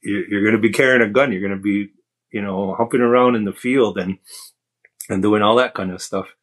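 A man doing a voice of a brash, crude Marine recruiter, pitched higher and louder than his own talk. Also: fairly even intonation, fairly quick. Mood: taunting. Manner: taunting, pushy, crude.

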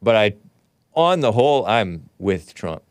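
A male host talking loosely on his own show, wandering from point to point with quick asides and chuckles. His voice is smooth and clean, recorded close and dry with no room sound. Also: fairly low pitch, very animated, no echo. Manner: rambling, joking asides to viewers, reads chat comments. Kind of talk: casual talk show commentary.

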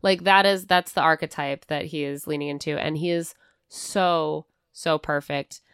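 A woman's voice: low-pitched, fairly even intonation, moderate pace, a bit bright, smooth, dry recording, studio quality. A woman co-hosting a podcast, chatting casually and filling her talk with "like" while acting out what others might say. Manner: chatty, many "like" fillers, acts out quoted lines. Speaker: podcast co-host. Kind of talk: casual chat about a TV show.

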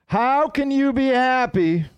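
A man's voice: extremely high pitch, slow, smooth, no echo. A man hosting a podcast, telling rambling, playful stories in casual solo chat. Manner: animated, rambling, playful storytelling. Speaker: podcast host.

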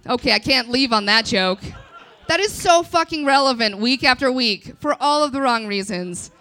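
A woman in her twenties doing a live stand-up set, self-deprecating and crude, with quick asides to the crowd. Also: high-pitched, lively intonation, pushed and bright. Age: 20s. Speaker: stand-up comedian.

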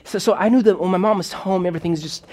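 A man's voice: high-pitched, fast talker, darkish tone. A man telling a personal story in a sermon, talking in a loose, conversational way full of fillers and restarts. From Moldova. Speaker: preacher.

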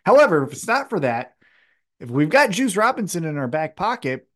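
Animated, profane male wrestling podcaster. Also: high-pitched, brisk. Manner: animated, profane, acts out quotes in raised voices. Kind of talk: casual chat.

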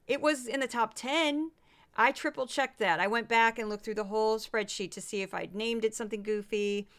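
Smooth-voiced tired woman podcaster. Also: fairly high pitch, steady tone, normal speed, a bit bright. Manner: chatty, runs through statistics, self-deprecating asides. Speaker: podcast host. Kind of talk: casual solo podcast commentary.

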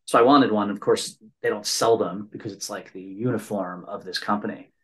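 A man's voice: fairly low pitch, fairly even intonation, normal speed, fairly bright tone, rough recording. An American man hosting a podcast, chatting casually and telling rambling stories, often checking in with "right?". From United States. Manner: rambling storyteller, tags points with "right?". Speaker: podcast host. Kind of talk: casual conversation.

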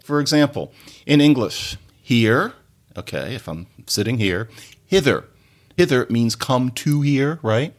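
A man's voice: expressive, measured pace. A man hosting a podcast, giving a playful, digressive explanatory monologue. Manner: playful, digressive lecturing with sudden pitch jumps. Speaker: podcast host.

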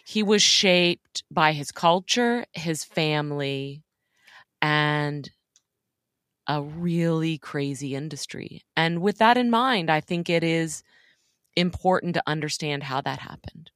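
Low-voiced reflective woman podcast host. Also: a bit bright, dry recording, studio quality. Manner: reflective, measured, opinionated. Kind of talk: casual chat.

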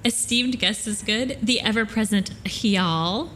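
A woman from upstate New York co-hosting a podcast, playful and quick to laugh as she rambles through stories. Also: mid-range voice, fairly bright tone, a little hiss or hum. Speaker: podcast co-host. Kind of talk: casual chat.

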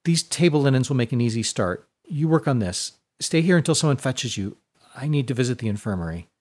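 A man's voice: mid-range voice, animated, a little fast, a little mellow, close to an everyday voice. Strict middle-aged nun in a storybook, clipped and instructive, read by a male narrator. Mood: curt. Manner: curt, instructive commands. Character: stern, injured middle-aged nun overseeing laundry.

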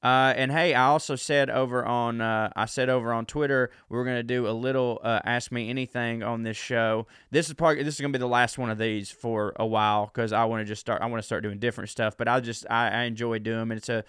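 Guy rambling on his comedy podcast, smooth clear voice, real dry close mic. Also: medium pitch, steady tone, fast, few pauses, a bit bright, no room sound. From Southern US. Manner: rambling and self-mocking, with many fillers and restarts. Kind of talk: casual solo podcast chat.

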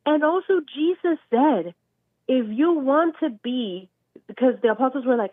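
A woman's voice: sits high, unhurried, no room sound. A woman calling in to a talk show, sick with a nasal voice, speaking animatedly and acting out quotes. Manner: animated, acts out quotes with laughs. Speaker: caller. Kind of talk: call-in discussion. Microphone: phone call. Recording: tinny phone line.

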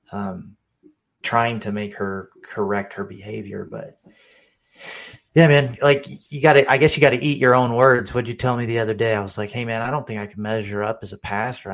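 Conversational man with a lowish voice. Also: vocal fry. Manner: conversational, explanatory, emphatic at points. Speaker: pastor and podcast co-host. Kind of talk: casual faith discussion.

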